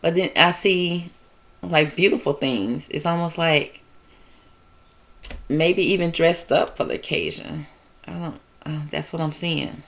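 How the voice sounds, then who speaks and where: Low-voiced woman giving a tarot reading. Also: steady tone, creaky, fairly bright tone. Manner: conversational, repetitive, emotive, drawn-out phrasing. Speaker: tarot reader. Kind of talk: casual tarot reading monologue.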